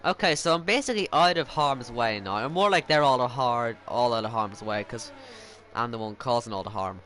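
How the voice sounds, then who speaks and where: A man's voice: medium pitch, a little fast, pushed and bright. A man commentating live on his own online racing game, self-mocking and exasperated as things go wrong around him. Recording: game engine noise behind. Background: racing car engine noise.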